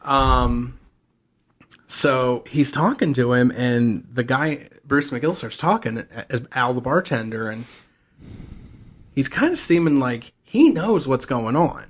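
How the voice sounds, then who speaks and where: A man's voice: medium pitch, lively intonation, slow pace. Guy on a podcast going through a whole tv plot, rambly, does the lines in voices. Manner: rambling storyteller, acts out characters' quotes. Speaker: podcast co-host. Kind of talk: casual podcast chat, recapping a TV show.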